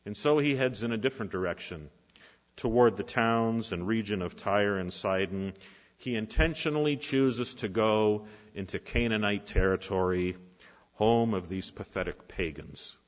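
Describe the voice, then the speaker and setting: A man preaching a sermon in a church, asking rhetorical questions with dramatic pauses. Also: on the low side. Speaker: pastor. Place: church sanctuary. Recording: reverberant hall, dull lo-fi sound.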